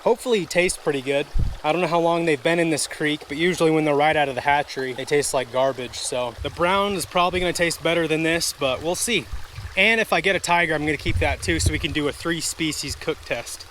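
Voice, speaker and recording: Calling his audience folks and guys, this chatty fishing vlogger talks fast in a fairly high, fairly bright voice while fishing a wooded stream. He gets frustrated easily and grumbles at mishaps, with slight background noise behind his casual narration.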